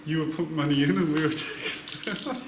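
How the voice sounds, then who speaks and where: A man's voice: on the high side, brisk. A man with an Irish accent working on a car in a workshop, giving dry, blunt answers in casual banter. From Ireland. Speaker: mechanic building the car. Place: echoey workshop garage. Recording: echoey garage, background noise.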